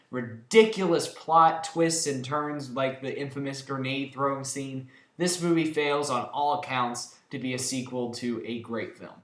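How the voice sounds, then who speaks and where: A film reviewer counts down movies he disliked, ranting in an emphatic, sarcastic, exasperated tone. His voice is mid-range and a bit bright, and the room sounds echoey.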